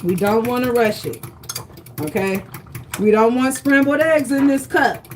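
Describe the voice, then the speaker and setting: Woman cooking host, fairly high voice, chatty, encouraging, live stream from a home kitchen. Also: unhurried, a little hiss or hum. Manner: chatty and encouraging, often checks in with "okay?". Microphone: livestream setup.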